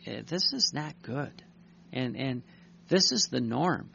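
A man's voice: medium pitch, vocal fry, sharp tone, muffled recording, a little hiss or hum. A male priest giving a sermon, reading a devotional text aloud and commenting on it in an earnest, repetitive way. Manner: earnest, repeats words, reads aloud slowly then tells stories.

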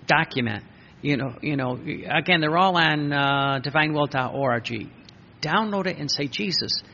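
A man preaching a sermon, emphatic and repetitive, with a gravelly voice. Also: medium pitch, pushed and bright. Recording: dull lo-fi recording with faint noise.

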